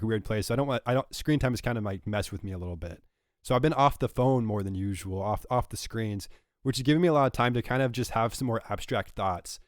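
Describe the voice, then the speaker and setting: A man's voice: medium pitch, no room sound, studio quality. A young man co-hosting a podcast, telling rambling stories in casual chat while recovering from a cold. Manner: rambling, self-correcting storyteller. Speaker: podcast co-host.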